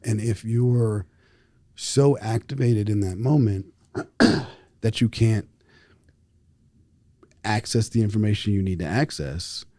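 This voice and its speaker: A man co-hosting a podcast who speaks in a measured, thoughtful way and often trails off quietly. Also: lowish voice, background noise. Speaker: podcast co-host. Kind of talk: podcast discussion.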